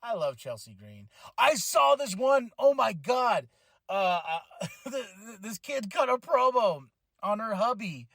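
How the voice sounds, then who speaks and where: An excitable man riffs on his own podcast, voice sitting high for a man. He rambles, trips over his words and restarts, then breaks into laughter or a shouted exclamation. The sound is dry and close, with no room around it. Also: no echo. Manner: excitable, rambling, quick restarts and self-corrections. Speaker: wrestling podcast host. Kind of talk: casual solo podcast chat.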